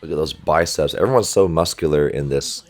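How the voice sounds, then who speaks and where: A very deep-voiced man chats casually while reacting to an anime episode. He keeps pointing out small animation details, and faint music plays behind him. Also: a little fast, darkish tone. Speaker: volleyball coach reacting to anime. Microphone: desktop USB microphone.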